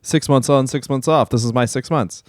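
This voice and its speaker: A man's voice: medium pitch, moderate pace, dry recording. Male comedy co-host, crude joker who laughs a lot, dry close mic. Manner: crude jokes, hammy impressions, laughs often. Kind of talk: casual comedic banter.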